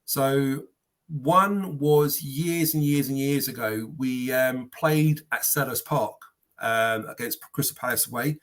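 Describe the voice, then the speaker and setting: A man telling animated football anecdotes on a podcast panel, slipping into quoted voices. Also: medium pitch, takes it slowly. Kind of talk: casual storytelling.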